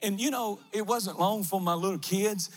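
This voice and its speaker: This pastor's high voice moves at a normal speed as he delivers a fervent sermon full of chanted, repeated refrains. He preaches in an empty sanctuary whose size gives the sound a long, hall-like reverb.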